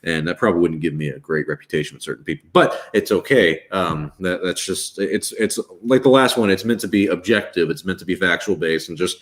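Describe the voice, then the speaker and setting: A man's voice: low voice, brisk, hardly any pauses. A man in his twenties from the American South, casually chatting on a livestream in a laid-back, rambling way. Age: 20s. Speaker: YouTube channel host.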